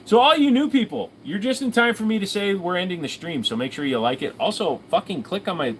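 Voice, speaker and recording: A man with a Southern US accent hosts a firearms livestream, rambling, profane and poking fun at himself. His pitch swings widely as he chats, with a faint room ambience underneath. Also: lively intonation, brisk, fairly bright tone, slight background noise. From Virginia, US. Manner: rambling, profane, self-mocking. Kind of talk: casual livestream chat.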